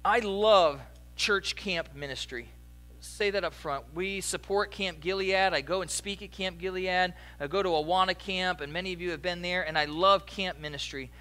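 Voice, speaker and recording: A young adult male pastor delivers a sermon in a loose, conversational way, telling stories and tossing questions to the congregation. His voice sits high for a man and sounds bright and forward. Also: normal speed. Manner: conversational, animated storytelling with audience asides.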